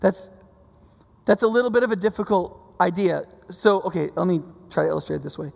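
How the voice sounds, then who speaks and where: Gravelly man preaching in a reverberant hall. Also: high-pitched, a little fast. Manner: conversational, keeps checking in with listeners. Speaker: pastor. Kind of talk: sermon.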